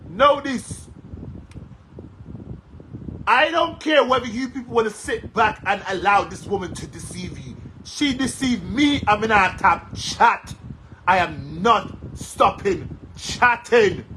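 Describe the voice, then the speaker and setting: High, bright-voiced Jamaican man ranting. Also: slight background noise, rough recording. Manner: heated, cursing, repetitive. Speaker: social media commentator. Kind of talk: angry rant to followers.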